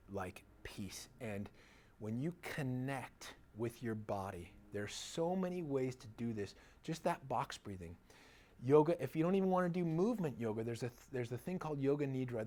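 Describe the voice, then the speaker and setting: A middle-aged man speaks to a live audience in an easygoing seminar style, shifting quickly between advice and personal anecdotes. He is animated and chatty, with frequent laughter running through his stories. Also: fairly high pitch, a little hiss or hum. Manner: animated, chatty storyteller who laughs often. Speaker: chiropractor giving a talk to an audience.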